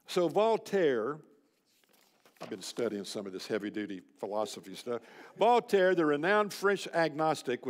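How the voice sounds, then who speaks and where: An older man with a drawl delivers a blunt, folksy sermon to a room of men. His voice sits a little high for a man, and it rings out with a long echo in a large hall. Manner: folksy, blunt, emphatic preaching. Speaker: speaker at a men's luncheon. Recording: reverberant hall.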